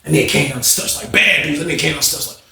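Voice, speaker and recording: A man telling a story in casual slang, animated and acting out other people's voices. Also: on the high side, fast talker, gravelly, reverberant.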